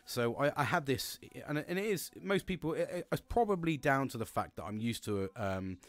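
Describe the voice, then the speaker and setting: A British man hosting his own show in a rambling, chatty monologue, swearing freely and filling pauses with ums and restarts. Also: mid-range voice, animated, dry recording. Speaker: podcast host. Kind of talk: casual chat monologue.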